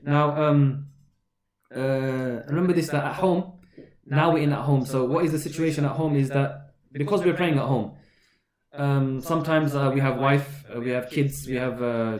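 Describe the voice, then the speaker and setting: A man's voice: medium pitch, darkish tone, echoey room. A man giving a Ramadan sermon as an imam, asking rhetorical questions and repeating phrases for emphasis.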